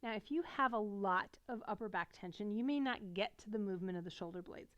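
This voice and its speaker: A middle-aged woman teaching a beginner yoga class, guiding gently and encouragingly while she demonstrates the poses, a little out of breath. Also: medium pitch, brisk, lo-fi sound. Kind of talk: guided yoga instruction.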